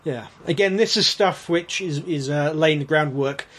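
A man's voice: fairly high pitch, moderate pace, fairly bright tone, slightly rough. A man co-hosting a casual episode commentary, with loose phrasing, fillers and trailing sentences. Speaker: podcast co-host.

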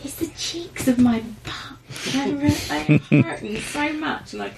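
Woman podcaster, high and animated, chatty storyteller. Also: unhurried, gravelly, a crowd in the background. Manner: laughing storyteller. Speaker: podcast co-host. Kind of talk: casual chat.

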